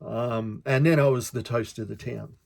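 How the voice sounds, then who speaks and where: A man's voice: medium pitch, steady tone, moderate pace, creaky, a little mellow, a little hiss or hum. An Australian man hosting a podcast, telling a personal story in an earnest way and often repeating words as he talks. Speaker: podcast host.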